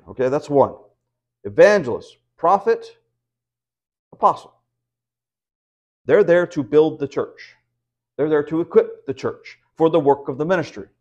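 A man's voice: on the high side, darkish tone, muffled recording. A man teaching the Bible at a house church, preaching conversationally and often asking rhetorical questions. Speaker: pastor.

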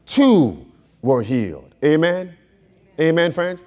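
A man delivers an interactive Bible study sermon, quizzing his listeners and repeating key phrases for weight. His pitch sits a little high and moves in wide, lively swoops. He speaks slowly and deliberately. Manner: questions the audience, repeats phrases for emphasis. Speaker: preacher teaching a Bible class.

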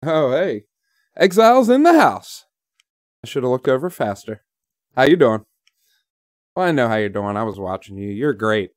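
A man's voice: fairly low pitch, moderate pace, pauses often, dry recording, studio quality. A man streaming a game, giving live commentary, laughing often and talking to the character on screen and to his viewers.

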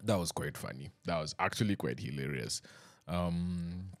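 A low-pitched man hosts a podcast at a moderate pace, chatting casually into a desk mic. He's self-deprecating and jokes around with his listeners.

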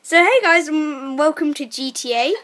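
An excitable woman narrating a video game session with her friend. Her voice sits high and lively, casual chatter that flips into loud, laughing shrieks whenever things fall apart. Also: moderate pace. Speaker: gaming channel host. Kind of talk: let's play commentary.

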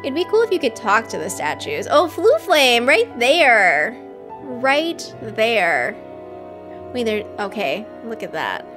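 A woman hosting a live stream, reacting excitedly to a game trailer, gushing and laughing often. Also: fairly high pitch, unhurried, soft background music. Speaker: host.

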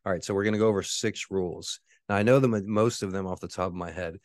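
A man's voice: deep voice, steady tone, fast, a little mellow, no echo, clean studio sound. A man hosting his own show, talking in a rambling, profane monologue full of restarts. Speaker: podcast host and author. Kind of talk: casual monologue.

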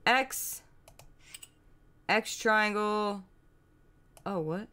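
An excitable young woman streamer talks over a puzzle game. Her voice sits a little high and leaps all over the place. She swears freely, giggles and throws in playful sound effects. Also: measured pace. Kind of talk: casual live gameplay commentary.

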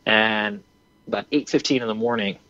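Animated young man telling a story. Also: on the low side, normal speed, no room sound. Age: 20s. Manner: animated, acts out his own reactions, many fillers. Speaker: hunting program founder and podcast guest. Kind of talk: casual storytelling. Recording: dry, slightly dull lo-fi audio.

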